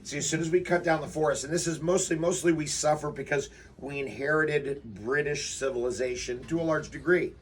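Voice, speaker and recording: Man leading an outdoor workshop, lively and chatty, recorded from a distance with faint noise. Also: on the high side, brisk, few pauses. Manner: animated, acts out quotes, rhetorical questions. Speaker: workshop leader. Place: outdoors before a forest walk.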